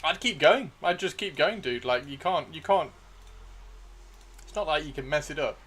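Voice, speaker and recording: A man's voice: a little high, animated, moderate pace, a bit bright, breathy edge. A man chatting casually on a livestream, laughing and encouraging viewers with their sculpting. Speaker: livestream host. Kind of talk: casual livestream chat while sculpting miniatures.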